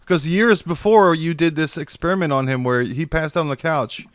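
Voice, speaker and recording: Animated storytelling man on a video call. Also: a little high, moderate pace, dry recording. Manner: animated storyteller, acts out quotes, laughs often. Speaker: podcast guest. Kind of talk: casual storytelling chat. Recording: dry video call audio.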